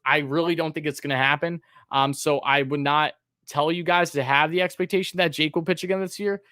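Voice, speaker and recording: Guy doing a live baseball stream, kinda monotone, lots of ums, dry close mic. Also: a little high, a little fast, no echo. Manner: says his own voice sounds monotone; casual, many fillers, reads chat names aloud. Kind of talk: live sports commentary stream.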